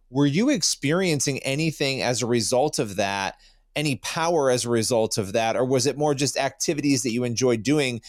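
A man's voice: mid-range voice, dry recording, studio quality. A man hosting an interview, asking his guest curious, leading questions. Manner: curious, leads the conversation. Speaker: interview host.

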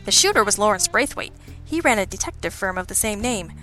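A man's voice: high-pitched, lively intonation, brisk, bright, forceful tone. Woman doing a bumbling male sergeant, nervous, eager, raised voice, faint music behind. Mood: fretful. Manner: anxious, fluttery and earnest. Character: flustered clumsy male police sergeant, eager to please.

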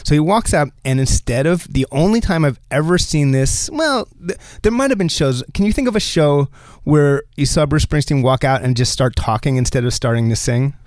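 A man from New Jersey co-hosting a casual discussion, talkative and animated, laughing often. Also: on the high side, moderate pace, no room sound. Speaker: podcast co-host.

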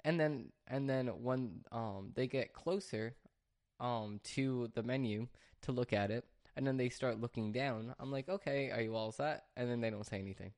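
A man's voice: mid-range voice, moderate pace, darkish tone. A man who works at a restaurant, talking casually with many fillers and restarts, venting in an exasperated rant. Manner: rambling, frequent fillers and restarts. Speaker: restaurant worker. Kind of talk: casual talk to camera.

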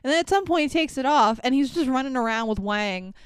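A woman co-hosting a casual movie review chat, animated and swearing, playing up her confusion and acting out the characters. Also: high-pitched, fast, clean tone, no room sound. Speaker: podcast co-host.

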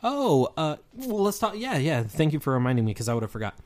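A man's voice: on the high side, sing-song, quick pace. A man co-hosting a podcast, chatting casually and summarizing entertainment news. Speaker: podcast co-host.

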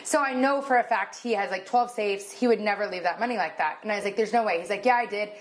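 A woman in her thirties, a podcast co-host telling a story in casual chat, animated, acting out dialogue in a raised voice, emotional and near tears. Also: medium pitch, quick pace.

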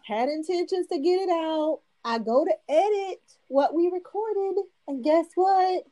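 A woman co-hosting a podcast in casual chat with an expressive, easygoing manner. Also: very high voice, a little slow, low-quality recording. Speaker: podcast co-host.

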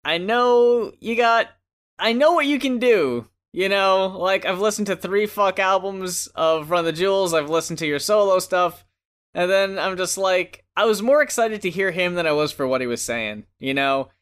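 A man's voice: sits high, moderate pace, a bit bright, clean tone. A man co-hosting a podcast, chatting casually and joking with a laid-back, swearing manner. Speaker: podcast co-host reviewing albums. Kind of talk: casual chat.

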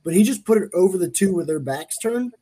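A man's voice: high voice, animated, a little fast, a crowd in the background. A man co-hosting a casual sports talk show, laid-back and full of fillers. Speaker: co-host.

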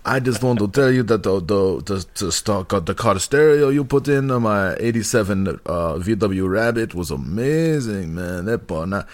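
A man doing a loud, joking impression of a famous ballplayer, drawling "man" as he goes. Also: fairly low pitch, expressive, normal speed, few pauses, close to an everyday voice. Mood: hammy.

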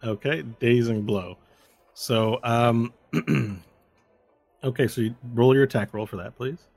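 A man's voice: medium pitch, slow pace, creaky, darkish tone, no echo. A man acting as game master, talking through moves and dice rolls step by step and correcting himself as he goes. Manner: explains rules step by step, with fillers and self-corrections. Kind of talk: narrating a tabletop game.

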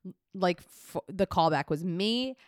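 A woman co-hosting a podcast, chatting casually and telling lively stories with casual swearing. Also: fairly low pitch, measured pace, no echo, clean studio sound. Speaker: podcast co-host. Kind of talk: casual chat.

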